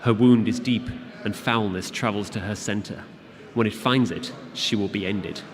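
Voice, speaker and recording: A man's voice: medium pitch, expressive, moderate pace, crowd noise, close to an everyday voice. A man voicing a graceful, aloof female fae creature who speaks in a lilting, archaic way, recorded in a roomy hall with an audience. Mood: curious, detached. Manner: lilting, archaic, curious then hissing.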